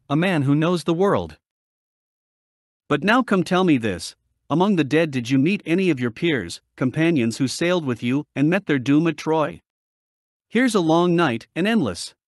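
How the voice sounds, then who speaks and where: A man's voice: on the high side, no room sound, studio quality, lightly acted. A man voicing a proud, generous sea king in an audiobook reading, speaking in a commanding, courtly way.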